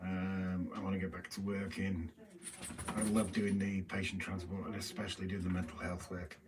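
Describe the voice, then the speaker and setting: A man's voice: low voice, little pitch movement, normal speed. A British man chatting casually on a live stream, reading viewer comments and bantering in a teasing way. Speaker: livestream co-host. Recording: voice from a distance, faint noise.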